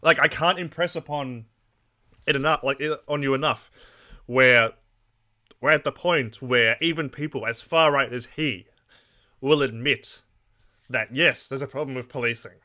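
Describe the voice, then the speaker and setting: Bright-voiced Australian man streaming casually. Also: mid-range voice, a little slow, pauses often. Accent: Australian with a trace of English. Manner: rambling, reacting to chat messages. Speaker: political streamer. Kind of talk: casual live-stream chat.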